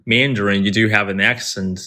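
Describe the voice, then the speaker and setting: A man's voice: on the low side, fairly even intonation, brisk, a crowd in the background. A man with a Chinese accent, chatting casually as an English conversation partner on a livestream, hesitant and agreeable. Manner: hesitant, many restarts and fillers, agreeable. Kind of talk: casual livestream chat mixing English and Mandarin.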